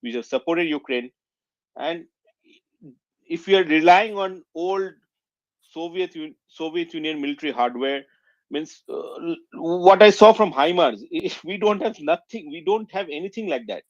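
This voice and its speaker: A man's voice: fairly high pitch, animated, no echo. A man from India speaks earnestly in a slightly raised voice, stumbling over repeated words as he pushes his point. The sound is muffled and close, with a dry, dull audio-call quality. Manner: earnest, halting with many restarts. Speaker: caller. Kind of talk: emotional call-in remarks.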